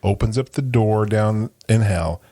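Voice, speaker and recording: A man hosting a casual podcast, an animated storyteller who acts out voices in his jokes. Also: fairly low pitch, a little slow. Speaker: podcast host. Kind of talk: casual chat.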